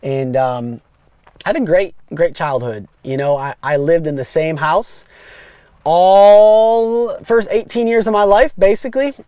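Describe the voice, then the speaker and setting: This Wisconsin man in his thirties, from West Allis, USA, speaks in a high-pitched, mellow voice at a measured pace, clean and echo-free. Hosting a casual solo podcast, he rambles upbeat and addresses listeners directly.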